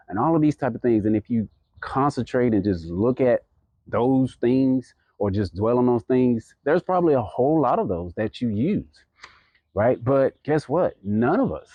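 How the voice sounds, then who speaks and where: Earnest low-voiced man giving advice. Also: warm tone, no room sound. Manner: earnest, encouraging, many fillers and restarts. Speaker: podcast creator giving advice. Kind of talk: casual motivational talk to camera.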